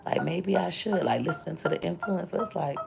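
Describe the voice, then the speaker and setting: A content creator and mother talks candidly and fairly quickly with her livestream viewers in a deep, heavily gravelly voice. She rambles from thought to thought, pausing to thank them, with loud music playing behind her.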